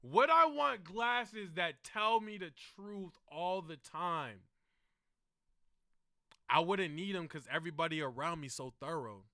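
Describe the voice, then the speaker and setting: A man's voice: sits high, unhurried, gravelly, no room sound. A young man streaming and reacting to videos, chatting casually with lots of slang like bro and gang. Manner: slangy and animated, calling the listener bro and gang.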